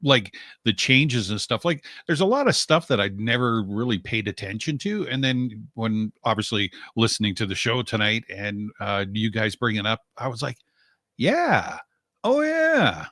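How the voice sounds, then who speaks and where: A man co-hosting a talk radio show, chatting casually and acting out his own reactions in an animated way. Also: moderate pace, hardly any pauses, no room sound, studio quality. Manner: animated, acts out his own reactions with big pitch jumps.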